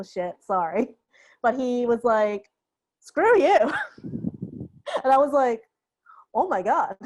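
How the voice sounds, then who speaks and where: Animated, laughing woman telling a story. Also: a little high. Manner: animated, laughing, acts out quoted voices. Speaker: guest sound designer. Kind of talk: conversational interview storytelling.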